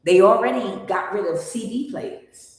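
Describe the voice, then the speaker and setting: A woman's voice: mid-range voice, measured pace. A woman giving a casual tarot reading, blunt and rambling, with many fillers and restarts. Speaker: tarot reader. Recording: very echoey room with long reverb.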